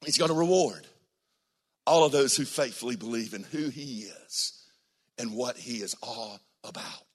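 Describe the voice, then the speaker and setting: An older man preaching a sermon as pastor, dramatic, swinging between hushed near-whispers and loud, shouted passages. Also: mid-range voice, normal speed, slightly rough.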